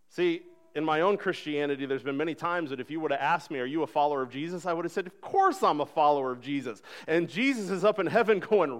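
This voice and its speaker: A man in his thirties preaching a sermon in a church, conversational and animated, acting out little dialogues. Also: on the high side, fairly quick. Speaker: pastor. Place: church sanctuary.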